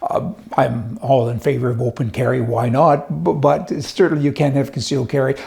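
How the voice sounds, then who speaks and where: A man's voice: medium pitch, flat delivery, normal speed, gravelly, a little mellow. A man giving opinionated news commentary in a folksy, emphatic, chatty way. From United States.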